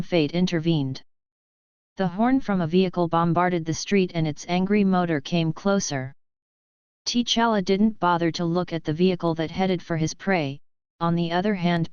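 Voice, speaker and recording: A woman reading an action story aloud in an even, measured way. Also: on the low side, clean tone, no room sound, dull audio. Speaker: narrator. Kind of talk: storybook narration.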